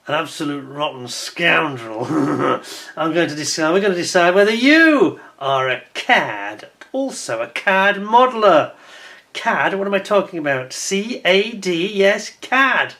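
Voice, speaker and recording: A man doing an impression of a roguish upper-class English cad, with a posh English accent and a plummy, chuckling, drawn-out delivery. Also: a little high, sing-song, pushed and bright, exaggerated voice. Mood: roguish, gleeful. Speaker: host.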